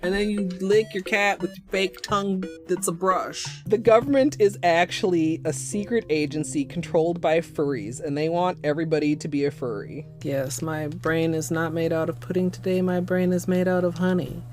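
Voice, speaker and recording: A woman streaming a video game, chatting casually with goofy jokes, swearing and sudden loud outbursts. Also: fairly low pitch, steady tone, moderate pace, few pauses, soft background music. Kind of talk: casual gameplay commentary.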